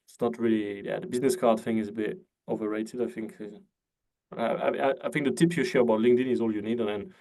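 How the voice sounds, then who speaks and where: A man's voice: lowish voice, fairly even intonation, a little fast, a little mellow. A man hosting an interview, asking questions in a hesitant way with frequent "uh" fillers. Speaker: podcast host. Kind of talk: casual interview chat.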